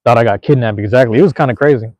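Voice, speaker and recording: Young male podcast host from Seattle, quick casual storyteller, slangy and profane, dry close sound. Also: medium pitch, a little mellow, dry recording. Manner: laid-back, profane, slangy. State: out of breath.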